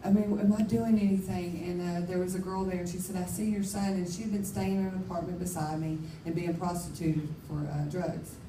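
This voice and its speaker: Warm-voiced woman preaching in a roomy hall. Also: lowish voice, flat delivery, slight background noise. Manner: candid, emphatic, quick to laugh at herself. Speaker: conference speaker. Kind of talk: personal testimony preaching. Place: conference hall. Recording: roomy hall, speaker far from mic.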